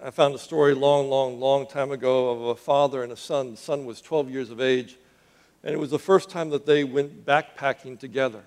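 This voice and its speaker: A man preaching a sermon who calls out questions to the congregation and drops into quiet, earnest intensity as he tells a story. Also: medium pitch, steady tone, normal speed. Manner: call-and-response with the congregation, dropping to quiet intensity.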